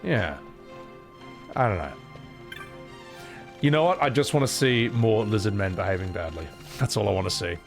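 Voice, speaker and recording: A young man casually commentating his first playthrough of a game, excitable and self-mocking, laughing and swearing as he goes. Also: on the low side, moderate pace, creaky, long pauses, faint music behind. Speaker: streamer voicing game characters. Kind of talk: casual let's-play commentary.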